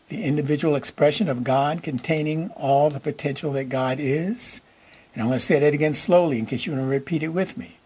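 A man preaching a sermon as minister, repeating key phrases slowly and checking in with his listeners. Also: on the high side, a little mellow, husky.

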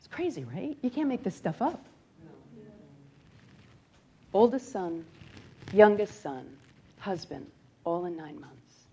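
A middle-aged woman from upstate New York preaching a sermon in a conversational storytelling way, dropping to a hushed near-whisper at grave moments. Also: mid-range voice, animated, slow, pauses often, a little hiss or hum. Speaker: guest speaker.

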